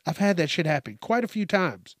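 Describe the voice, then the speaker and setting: A man with a high-pitched voice talks a little fast, recorded in studio quality with no room sound. He hosts a casual solo podcast, ranting in a profane, animated way, swearing a lot and acting out quoted lines.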